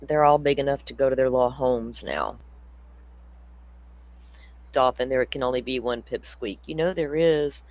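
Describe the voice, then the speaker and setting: A man's voice: medium pitch, lively intonation, moderate pace, long pauses, no room sound. A man hosting a casual true crime livestream, rambling through stories, laughing often and swearing freely. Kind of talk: casual chat with viewers.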